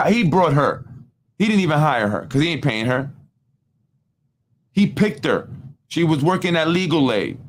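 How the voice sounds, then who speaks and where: A man hosting a casual political commentary show, animated and repetitive, often asking "right?" and acting out what others said. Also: fairly high pitch. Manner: animated, repetitive, with frequent tag questions; acts out other people's speech in quoted voices. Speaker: political talk show host.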